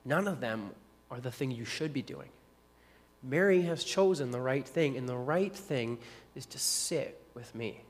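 A man voicing a calm male teacher who speaks slowly and gently while correcting a friend. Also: mid-range voice, big-room sound, close to an everyday voice. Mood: gentle. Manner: slow, measured, gentle.

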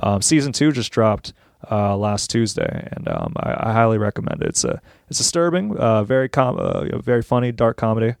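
A man's voice: fairly low pitch, huge pitch swings, fairly quick, creaky, no echo, clean studio sound. A man co-hosting a podcast, chatting casually in a laid-back, rambling way with lots of ums. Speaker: podcast co-host, comedian. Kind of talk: casual chat.

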